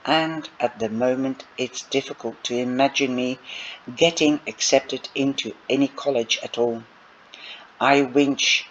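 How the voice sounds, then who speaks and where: A man reading a novel aloud and breaking off for chatty asides to his listeners, in a dull lo-fi recording. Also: medium pitch. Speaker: audiobook reader. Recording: dull lo-fi recording with faint noise.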